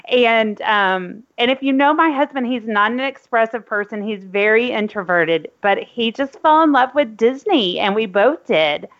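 Podcast co-host, woman, emotional storyteller, higher voice, muffled lo-fi audio. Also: lively intonation, moderate pace, hardly any pauses, fairly bright tone. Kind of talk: casual podcast chat.

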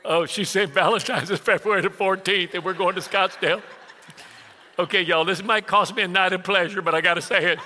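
A man in his sixties preaching with a high, bright, ringing voice. He tells stories like he is chatting, drops to near-whispers, then jumps up loud. The long reverb of a big hall trails after every line. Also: fairly quick, slight background noise. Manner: animated, conversational preaching that swings from hushed to loud. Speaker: pastor. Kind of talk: sermon with storytelling.

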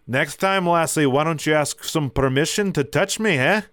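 A brash kilted brawler, as a man puts him on with a mock-Scottish accent and a raised, gruff voice. He taunts with swagger in a tabletop game. The voice is crisp and dry. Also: on the high side, normal speed, fairly bright tone, no room sound, pitched above the performer's own voice, natural voice. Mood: smug. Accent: put-on Scottish.

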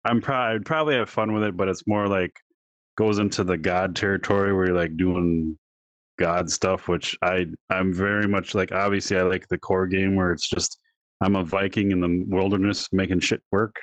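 A man co-hosting a casual gaming podcast, laid-back and halting, often laughing as he talks. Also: low voice, fairly even intonation, no room sound. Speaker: podcast co-host.

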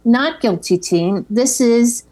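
A woman's voice: fairly high pitch, slow pace, warm tone. A woman co-hosting a podcast, chatting casually as she retells film scenes and acts out the quoted lines. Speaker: podcast co-host. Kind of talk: casual chat recapping a film.

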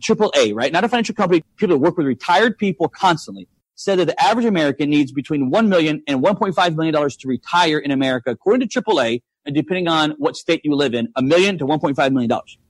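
A man's voice: on the high side, lively intonation, rapid-fire, few pauses, no echo. A man talking money on a podcast, emphatic, full of rhetorical questions. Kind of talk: casual podcast chat.

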